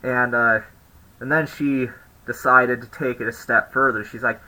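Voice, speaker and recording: A man's voice: mid-range voice, steady tone, moderate pace, pushed and bright, poor audio. A young man vlogging, telling a story in a rambling, sarcastic, exasperated way. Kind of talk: casual storytelling to camera.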